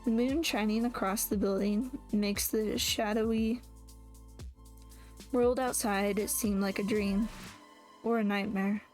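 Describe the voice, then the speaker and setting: A woman's voice: medium pitch, darkish tone. A woman reading a first-person novel aloud, often stopping to correct and restart her words. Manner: reads with frequent restarts and self-corrections. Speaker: audiobook reader.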